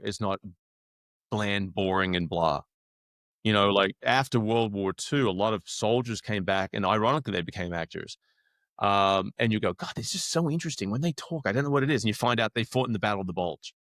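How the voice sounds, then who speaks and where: Australian man, 50s, low voice, lively raconteur who plays out every quote. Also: dry recording, clean studio sound. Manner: animated, acts out quoted dialogue. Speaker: actor guest. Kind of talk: casual storytelling.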